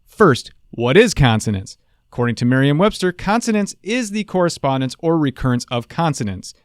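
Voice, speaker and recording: A man teaching public speaking in a playful, joking scripted style. His voice sits a little high, with a very lively, animated melody. The sound is close and dry. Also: moderate pace, no room sound. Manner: playful, jokey, upbeat. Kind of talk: scripted video lesson.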